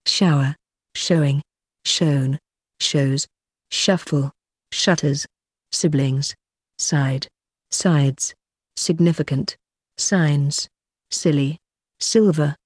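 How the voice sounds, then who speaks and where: Slow, husky woman reading word lists. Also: low voice, dry recording, studio quality. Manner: reads single words one by one with even pauses. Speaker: vocabulary reader.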